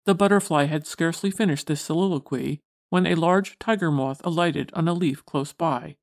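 A woman narrating an audiobook of a classic science storybook in a measured, formal reading style. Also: low voice. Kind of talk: scripted narration.

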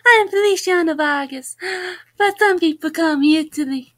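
A woman's voice: normal speed, no room sound, clean studio sound, lightly acted. A woman voicing a cheerful, bubbly young Italian man, chirpy and giggly. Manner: high excited chirpy, giggly.

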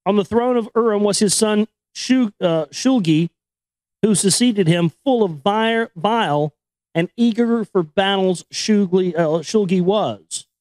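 A man's voice: high-pitched, measured pace, darkish tone, no room sound, rough recording. A man reading a book aloud with casual commentary, often stumbling over names and correcting himself. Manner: stumbles over names and words, self-corrects, irreverent asides. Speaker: reader and commentator.

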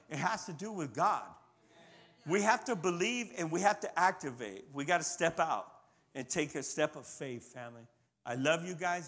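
A man's voice: on the high side, a bit bright. A man giving a conversational sermon in a casual, folksy style, with call-and-response asides, then closing with a prayer. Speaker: lay preacher.

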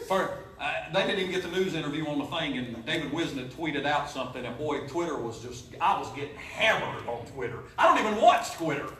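Preacher guy, high bright voice, echoey church from a ways back. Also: lively intonation, brisk, distant mic. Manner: folksy, joking preaching with sudden loud rises. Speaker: pastor. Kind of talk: sermon. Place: church sanctuary.

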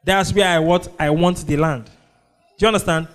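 Nigerian pastor preaching with call-and-response. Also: male voice, on the high side, steady tone, moderate pace, faint music behind. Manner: call-and-response preaching, prompting the congregation with "what?". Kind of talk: sermon.

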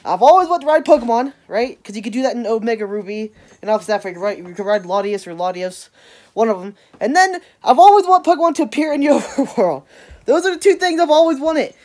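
A young woman talks to her camera in a loose, rambling vlog style. Her voice sits a little on the high side, and she keeps dropping in quick jokey asides. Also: darkish tone. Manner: rambling, laughing asides, "hashtag" quips. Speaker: daily vlogger. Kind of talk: casual vlog chat.

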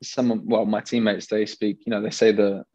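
Young man, English accent, low voice, dry muffled sound, relaxed and hesitant. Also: moderate pace, breathy edge, no echo. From England. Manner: relaxed, hesitant with fillers and restarts. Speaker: professional goalkeeper guest. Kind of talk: casual interview chat.

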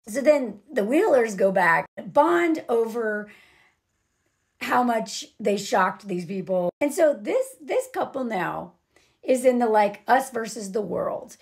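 A young woman giving a casual, sarcastic film recap, animated, and peppering her talk with "like" and "literally.". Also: on the high side, takes it slowly. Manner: animated, sarcastic, acts out characters' lines; frequent "like" and "literally" fillers. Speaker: vlogger.

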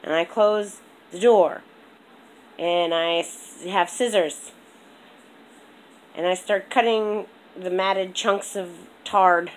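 A young woman chatting on a home vlog, rambling and animated, with a congested throat. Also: on the low side, slow, pauses often, slight background noise, low-quality recording. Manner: rambling, animated storytelling with lots of "like". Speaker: vlogger. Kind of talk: casual vlog chat.

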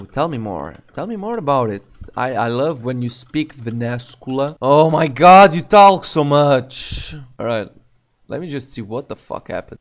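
Gamer, male, mid-pitched, swears freely and mocks the characters as he plays. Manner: profane, excitable, mocking. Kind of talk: gameplay commentary.

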